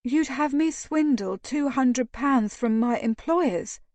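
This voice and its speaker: A woman's voice: high voice, slow pace, darkish tone, no echo, voice pushed up. Woman doing a defiant young widow. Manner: tight, controlled defiance.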